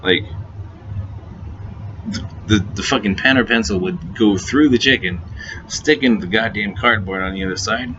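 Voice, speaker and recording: Male storyteller, lowish and forceful, profane and giggly, faint hiss on a muffled recording. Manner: profane, laughing often, repeats and restarts words. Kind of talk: casual anecdote. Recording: dull lo-fi recording with faint noise.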